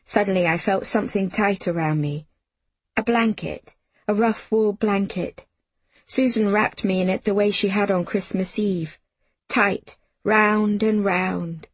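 A woman reads a novel aloud in the first person, unhurried and measured. Her voice is slightly husky and she takes her time over every line. The sound is dry and close, with no room around it. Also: medium pitch, steady tone, no room sound. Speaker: audiobook narrator. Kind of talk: first-person audiobook narration.

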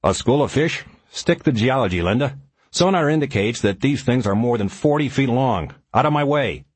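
A man's voice: medium pitch, lively intonation, normal speed, slightly rough, dry recording, voice pushed up. Stubborn, brusque sub pilot, read by a man. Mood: tense. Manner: brusque, swearing. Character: gruff male sub pilot, stubborn and profane. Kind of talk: audiobook character voice.

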